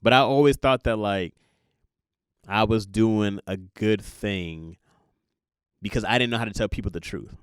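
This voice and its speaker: A young man hosting a podcast, talking through a casual confessional monologue in an animated, jokey way and laughing at himself. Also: fairly low pitch, a little slow, pauses often, smooth, no room sound, clean studio sound. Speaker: podcast host.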